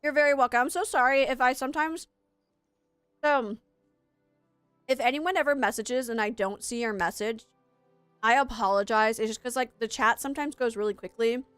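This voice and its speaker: A woman's voice: fairly high pitch, normal speed, long pauses, fairly bright tone, clean tone, no room sound, soft background music. A woman streamer chatting on a live gaming stream, rambling and self-deprecating, who also works as an English teacher.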